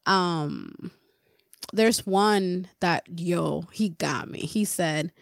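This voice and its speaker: A woman's voice: on the low side, extremely slow, vocal fry, no room sound, studio quality. A woman from Puerto Rico co-hosting a podcast, chatting casually, laughing often, swearing freely and acting out quoted texts. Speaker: podcast co-host. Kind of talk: casual chat.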